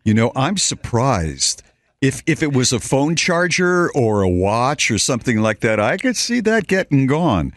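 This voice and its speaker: A man's voice: medium pitch, sing-song, unhurried, no echo. A man co-hosting a radio show, making wry, teasing remarks in casual chat.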